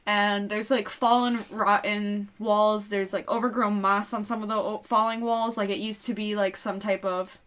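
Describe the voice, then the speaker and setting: A woman narrates as game master of a tabletop game at a mid-range pitch. She describes scenes loosely and rambles, padding with fillers as she goes. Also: flat delivery, normal speed, hardly any pauses, a bit bright.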